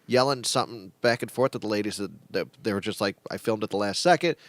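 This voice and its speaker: A man's voice: lowish voice, quick pace, no room sound. A man hosting a casual chat podcast, rambling and repeating words as he talks, with some swearing. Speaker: podcast host. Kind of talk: casual chat over drinks.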